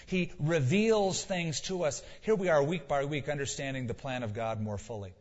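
A man's voice: on the high side, normal speed. A male pastor preaching a sermon with emphasis, asking rhetorical questions and repeating key lines for weight. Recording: dull lo-fi sound with long hall reverb.

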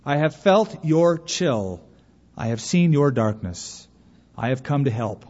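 A man voicing a calm, patient male stranger in a storybook tale, speaking slowly and gently. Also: medium pitch. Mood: gentle. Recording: dull recording with long hall reverb.

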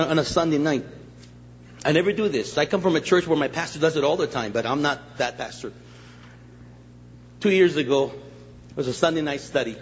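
A middle-aged man preaches a testimony sermon as an animated storyteller, acting out each scene. His voice sits high for a man and swings from loud to hushed. The recording is dull and soaked in long hall reverb, with faint noise underneath. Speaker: guest pastor. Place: church sanctuary.

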